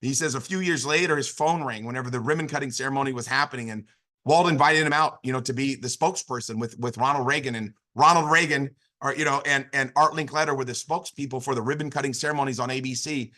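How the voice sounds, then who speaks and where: A man in his fifties tells a motivational business story at a quick clip. His voice is bright and forceful. He talks in an animated way, stumbling over restarts and fillers as he pushes on. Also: mid-range voice. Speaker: business opportunity speaker.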